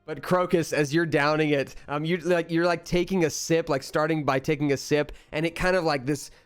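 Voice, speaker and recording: A man's voice: fairly high pitch, fairly even intonation, normal speed, clear, resonant tone, no room sound, faint music behind. Game master, man, loose rambling narration, dry close sound. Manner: loose, filler-heavy narration.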